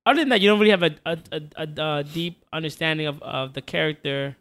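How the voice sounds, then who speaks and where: Bright, smooth-voiced man chatting. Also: fairly high pitch, fast talker. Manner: relaxed, hesitant, many restarts. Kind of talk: casual movie discussion.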